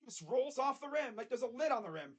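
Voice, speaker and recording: A fan streamer calling a basketball game live, play-by-play style, mixing excited calls with sarcastic jokes and quiet mutters. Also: medium pitch, brisk. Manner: joking, sarcastic asides. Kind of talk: casual live play-by-play reaction.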